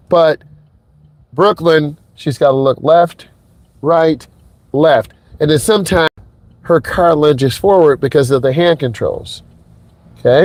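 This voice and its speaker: A middle-aged man, a driving instructor, talking casually and emphatically while driving a car. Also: medium pitch. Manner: emphatic and repetitive, chatty. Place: inside a car.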